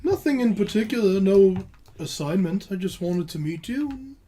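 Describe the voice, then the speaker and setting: An older woman runs a tabletop game with a calm, measured delivery, laying out information for her players. She laughs easily between lines, and her voice sits at an ordinary middle pitch. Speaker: game master. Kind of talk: narrating a tabletop game and voicing characters.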